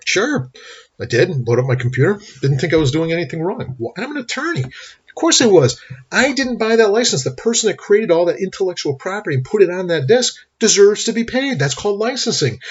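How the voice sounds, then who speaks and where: Fast-talking lecturing man, husky voice. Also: fairly high pitch. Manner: rambling, anecdotal, conversational. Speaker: law instructor. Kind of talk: recorded lecture. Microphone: webcam mic. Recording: lo-fi webcam recording.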